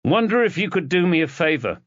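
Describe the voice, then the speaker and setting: A man's voice: fairly high pitch, big pitch swings, brisk, a bit bright, dry recording, dull audio, voice pushed up. A man voicing a dogged male police inspector who speaks tersely and presses for answers.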